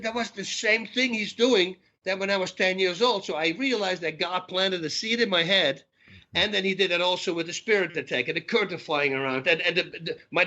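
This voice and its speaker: A middle-aged man, a podcast guest, telling stories in an animated way and acting out the dialogue. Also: high voice, highs cut off. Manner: animated storyteller who acts out dialogue. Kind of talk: storytelling interview talk.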